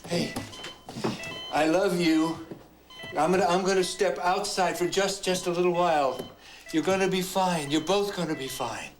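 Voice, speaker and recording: Male actor: gentle, anxious dad at a hospital bedside, soap opera tone, music bed. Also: high voice, moderate pace, lightly acted. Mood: tender. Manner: soothing, pleading. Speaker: worried father.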